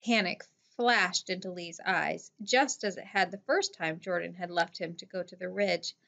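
A woman narrating a novel in a steady, plain storytelling voice. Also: lowish voice, normal speed, gravelly. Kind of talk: audiobook narration.

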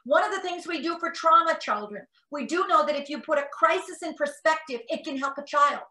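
A middle-aged woman gives an animated talk to parents, slipping into little acted-out dialogues between parent and child. Her voice is bright and a touch high, and it rings in a roomy space. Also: a little fast. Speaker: parenting expert speaker.

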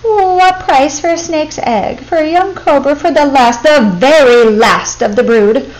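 A woman's voice: high voice, measured pace, voice pushed up, low-quality recording. A woman voicing a brave, boastful young male mongoose who issues eager, defiant challenges in a storybook. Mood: taunting.

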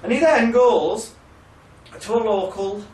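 Male trainer, casual and sweary, slightly high voice, recorded from a distance in an echoey room. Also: takes it slowly, a little mellow, slight background noise. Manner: swears freely, laughs at own stories, loose and chatty. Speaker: hypnotherapy trainer. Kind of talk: casual storytelling lecture.

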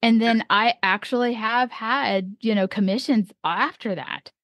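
A woman's voice: a little high, a little slow, no echo, dull audio. A woman hosting a casual interview, enthusiastic and coaching, full of praise for her guest. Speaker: podcast host. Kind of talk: casual encouraging interview chat.

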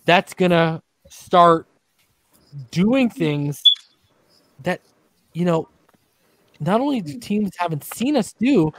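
A man's voice: high-pitched, very animated, slow, pauses often, noisy background. A man hosting a casual sports talk livestream, earnest and emotional, crying as he talks and repeating himself. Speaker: podcast host. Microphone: streaming setup, remote call.

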